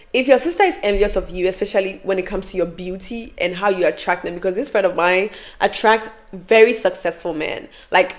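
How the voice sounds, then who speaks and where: Emphatic woman telling a storytime. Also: medium pitch. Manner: animated, emphatic repetition. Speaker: vlogger. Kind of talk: storytime advice vlog.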